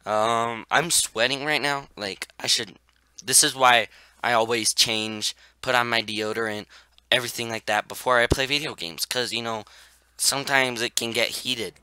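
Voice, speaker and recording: A man's voice: medium pitch, moderate pace, smooth, no echo. A young man giving casual, jokey commentary while playing a shooter at home, yelping and laughing as he plays. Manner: excitable, jokey, frequent yelps and laughs. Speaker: gaming YouTuber. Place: indoors at his computer, home. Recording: game gunfire noise behind voice.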